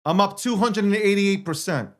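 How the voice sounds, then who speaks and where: Guy with a high-pitched voice ranting hard on his stream, lots of swearing, says things over and over. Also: moderate pace. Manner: intense, profane, repetitive ranting. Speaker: livestream host. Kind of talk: ranting livestream monologue.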